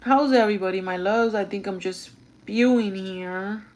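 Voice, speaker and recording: A woman's voice: medium pitch, fast. A woman chatting casually on a get-ready-with-me livestream, venting and swearing freely, slipping between English and Spanish. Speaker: vlogger.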